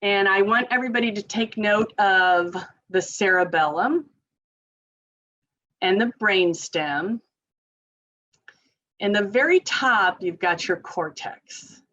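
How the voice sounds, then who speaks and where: Speaking slowly with long pauses, this woman has a medium-pitched, fairly bright voice and lively intonation. As an occupational therapist running a casual parent training, she chats, laughs a lot, and guides chanting group exercises. The lo-fi recording sounds slightly dull.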